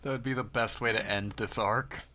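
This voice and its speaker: A man's voice: mid-range voice, steady tone, normal speed, sharp tone, slight background noise. A man in a casual podcast chat making wry, offhand remarks. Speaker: podcast co-host.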